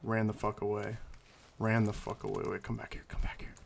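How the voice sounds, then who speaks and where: A man hosting casual gameplay commentary, swearing freely and yelling at in-game scares. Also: on the low side, completely flat delivery, brisk, vocal fry, a little hiss or hum. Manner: profane, shrieks and yells at in-game scares. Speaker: gaming channel host.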